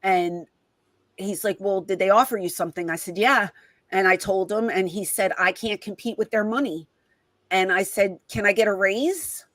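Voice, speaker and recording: A woman's voice: mid-range voice, moderate pace, dry recording, poor audio. A middle-aged woman, a guest in an interview, telling stories in a casual way and acting out the lines of the people in them. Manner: animated, reenacts conversations with quoted voices. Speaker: guest, former wrestling personality.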